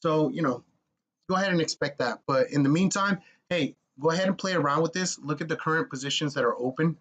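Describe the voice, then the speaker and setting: A young man giving blunt, energetic step-by-step advice as he walks viewers through an online job application. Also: fairly high pitch, quick pace. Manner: blunt, energetic, coach-like, addresses viewers as guys. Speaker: military contracting advice vlogger. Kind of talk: casual screen-walkthrough tutorial.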